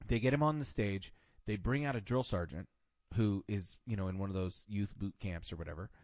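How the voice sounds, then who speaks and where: A man's voice: fairly low pitch, brisk, a little mellow, no echo, studio quality. Blunt profane podcast host, man. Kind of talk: casual podcast chat.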